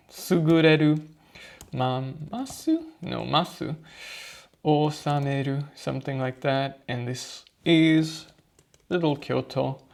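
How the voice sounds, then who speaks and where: Man, gravelly voice, very slow, muttering, casual study vlog. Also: on the high side, darkish tone. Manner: slow, muttering to himself, thinking aloud. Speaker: language learner reviewing flashcards.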